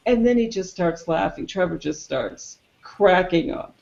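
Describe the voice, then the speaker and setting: Lively movie-review co-host, mid-pitched, retells scenes; roomy, muffled lo-fi recording. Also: measured pace, creaky, few pauses. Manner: animated storyteller who acts out the characters' lines. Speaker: film review show co-host. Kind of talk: casual film review chat. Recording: roomy, dull lo-fi sound.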